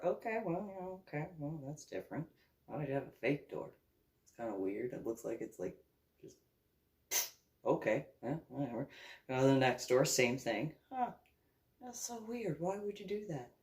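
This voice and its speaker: A woman's voice: deep voice, expressive, normal speed, pauses often, darkish tone. A woman from New Jersey telling a rambling personal story, laughing often and acting out the dialogue. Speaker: vlogger. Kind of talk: casual storytelling.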